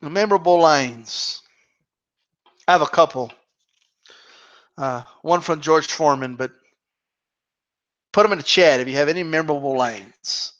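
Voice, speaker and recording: A man with a high voice hosts a casual live Q&A stream. He rambles loosely and swears freely, and the sound is dull and lo-fi. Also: a little slow, long pauses, fairly bright tone. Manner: rambling and profane.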